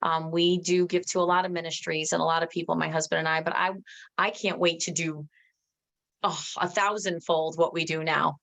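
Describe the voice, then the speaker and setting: Energetic fast-talking woman coaching her team. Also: sits low, gravelly. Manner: energetic, emphatic, reads out viewers' comments. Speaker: company executive giving a team training. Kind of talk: motivational training talk.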